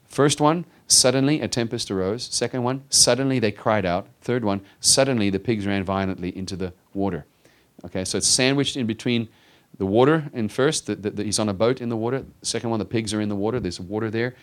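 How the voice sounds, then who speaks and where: A man's voice: on the low side, brisk. A man preaching an expository sermon in an emphatic, teacherly way, often stammering and restarting his phrases. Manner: emphatic, teacherly, rises in volume on readings. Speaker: pastor teaching the Bible.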